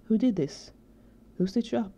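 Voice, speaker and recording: A woman voicing a calm, methodical female social worker in a storybook reading. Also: fairly high pitch, normal speed, slightly rough, voice pushed up. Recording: dull lo-fi recording.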